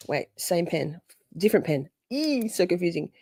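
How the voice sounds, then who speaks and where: A woman hosting a live stream, chatty and excitable, often exclaiming as she reacts. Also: fairly low pitch, moderate pace, husky, dry recording, clean studio sound. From Australia. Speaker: livestream host. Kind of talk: casual live-stream chat.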